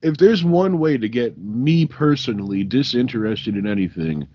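A man's voice: mid-range voice, lively intonation, moderate pace, no echo, dull audio. A man co-hosting a podcast in casual, crude, joking banter, swearing freely. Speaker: podcast co-host. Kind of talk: casual chat.

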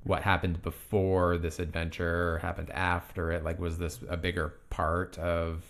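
Male podcast co-host, very deep and gravelly, easygoing brainstormer. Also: monotone, normal speed, fairly bright tone, a little hiss or hum. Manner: easygoing, brainstorming with fillers like "like" and "right?". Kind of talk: casual tabletop game discussion.

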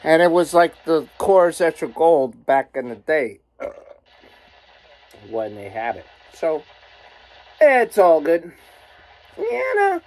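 A woman's voice: low voice, huge pitch swings, takes it slowly, long pauses, a little mellow, poor audio. A woman ranting casually to her viewers, rambling and exasperated, swearing constantly. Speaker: vlogger. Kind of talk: casual profane rant to camera.

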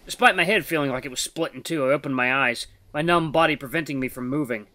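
A game streamer reading the narration of a visual novel aloud in a lowered, steady voice. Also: quick pace, no echo.

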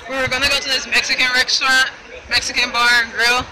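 Woman vlogger, very high, excitable, noisy street recording. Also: fast talker, a crowd in the background. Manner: excitable, upbeat, exclaims often. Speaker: travel vlogger. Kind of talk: casual vlog narration. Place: out on a town street at night.

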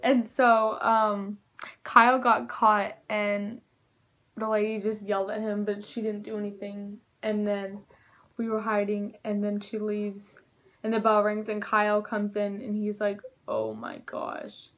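A teenage girl vlogger telling a storytime in a chatty, excitable way, full of "like". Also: mid-range voice, unhurried. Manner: chatty, filler-heavy with "like", excitable. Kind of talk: storytime vlog.

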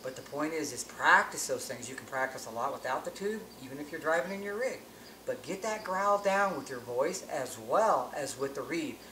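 A man's voice: fairly high pitch, expressive, moderate pace, pushed and bright. Plain-spoken man teaching elk calls, echoey. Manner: plain-spoken, restarts phrases while explaining. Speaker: elk calling instructor. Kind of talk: hunting-call tutorial. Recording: echoey with faint ambient noise.

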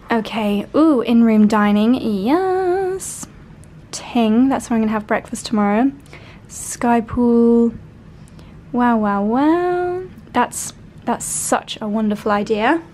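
A woman's voice: on the high side, darkish tone, slight background noise. Gushing woman on a hotel tour. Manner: gushing, breathless with delight, repeats exclamations. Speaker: fashion and lifestyle vlogger. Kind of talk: excited hotel room tour vlog. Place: luxury hotel room high in a tower. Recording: music playing under the voice.

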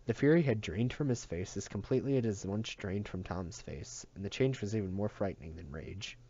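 A man reading a novel aloud in a steady, even narration. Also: on the low side, fairly quick, muffled recording. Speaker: audiobook reader.

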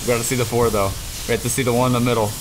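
A young man reacting live as a student vlogger, excitable and jittery, gushing and stumbling over his words at home. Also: medium pitch, rapid-fire. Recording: steady background hiss, noisy room.

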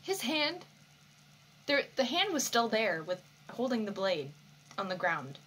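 A woman hosting an anime reaction, talking back to the screen in an expressive way and swearing freely. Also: mid-range voice, normal speed, a little hiss or hum. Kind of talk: reaction commentary.

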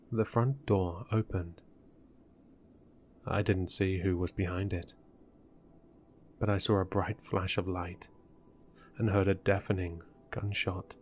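A man narrating a horror story in a measured, deliberate way. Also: low voice, darkish tone, slight background noise.

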